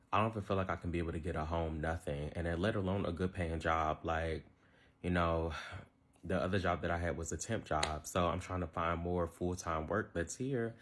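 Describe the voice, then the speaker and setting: A man in his twenties ranting to his phone camera, frustrated and rambling, full of fillers. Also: deep voice. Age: 20s. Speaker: social media ranter. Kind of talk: casual rant to camera.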